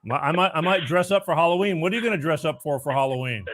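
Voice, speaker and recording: A man's voice: on the high side, quick pace, noisy background. A man hosting a call-in talk show, speaking emphatically, repeating himself and stumbling over words. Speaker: radio show host.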